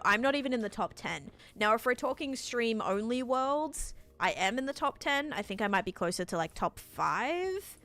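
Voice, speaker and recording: A woman's voice: on the high side, a bit bright. Chatty Australian woman livestreaming. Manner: rambling, chatty, heavy use of "like". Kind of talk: casual chat while gaming live.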